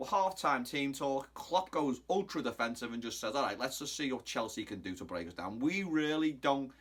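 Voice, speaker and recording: A man in his thirties recapping a football match in a casual, cheeky style, mocking rivals and wandering off topic. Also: medium pitch. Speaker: football fan vlogger.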